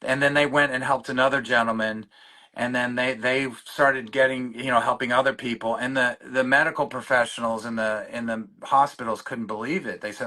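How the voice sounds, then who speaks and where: A man, a guest in recovery, telling his story in a halting way with many restarts, choked up and openly emotional. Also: medium pitch, fairly even intonation, pushed and bright. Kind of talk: personal storytelling in conversation.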